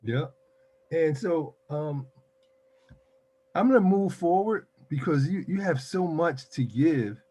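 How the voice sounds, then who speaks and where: A man's voice: a little high, expressive, slow pace, pauses often, dark tone, breathy edge. An older man from Philadelphia hosting a casual interview, introducing his guest with emphatic enthusiasm. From Philadelphia, United States. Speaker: host.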